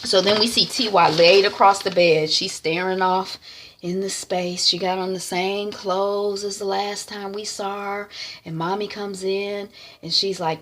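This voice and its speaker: A woman's voice: medium pitch, steady tone, measured pace, fairly bright tone. A woman vlogger casually recapping a web series episode, chatty and storytelling with frequent fillers.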